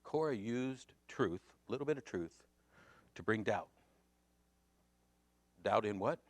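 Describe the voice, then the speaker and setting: An American man teaching a Sunday school Bible class, swinging between loud emphatic questions and quiet asides. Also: lowish voice, lively intonation, slow pace, no echo.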